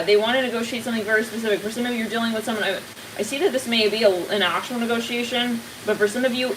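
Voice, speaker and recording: A woman's voice: mid-range voice, fairly bright tone, distant mic, low-quality recording. A woman talking her way through a tarot reading for her viewers, rambling and cutting herself off, then blunt and swearing. Her voice sits a little back from the mic. A faint hiss hangs under it. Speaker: tarot reader. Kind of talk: casual psychic tarot reading to camera.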